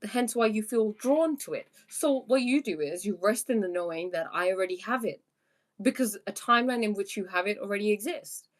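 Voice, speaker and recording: A woman's voice: mid-range voice, a little fast. A young woman coaching on a live stream, answering viewer questions one by one. She speaks earnestly about spiritual ideas and laughs easily. She reads each question aloud before she answers. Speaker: life coach.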